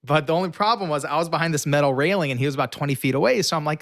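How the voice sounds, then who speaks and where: A young man, a guest in an interview, telling a story with lively animation and acting out the lines of the people in it. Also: fairly high pitch, racing, no room sound, clean studio sound.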